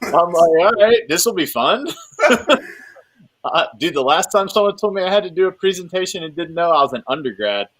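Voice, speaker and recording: Animated, laughing male guest. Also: high-pitched, a little fast. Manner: animated storyteller who laughs while talking. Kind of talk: casual conversation.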